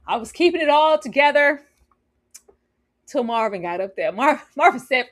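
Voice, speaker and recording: Woman, TV reviewer, casual chat, fairly high voice, animated, laughs a lot. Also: unhurried. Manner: animated, laughs often, acts out scenes. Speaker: TV series reviewer on a panel.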